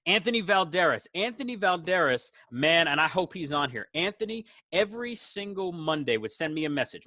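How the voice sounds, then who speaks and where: A man, a teacher, giving a casual award speech to his students on a video call, praising each one with animated quoted asides. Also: a little high, a little fast, hardly any pauses, no echo.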